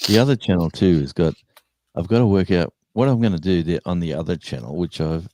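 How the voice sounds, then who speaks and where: A man's voice: sits low, brisk, mellow. An older Australian man from New South Wales co-hosting a casual live stream, rambling and correcting himself as he chats. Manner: rambling, self-correcting, chatty storytelling. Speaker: livestream co-host.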